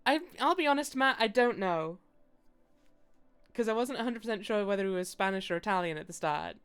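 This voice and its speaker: A woman's voice: medium pitch, lively intonation, a little fast, clean tone. A woman streaming a game, chatting casually in a playful, jokey way with frequent laughs. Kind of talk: casual gameplay commentary.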